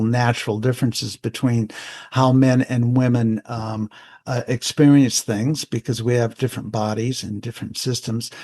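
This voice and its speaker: Older male psychologist guest, plain-spoken and reflective, mid-pitched voice, unhurried interview talk. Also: a little mellow. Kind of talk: conversational interview.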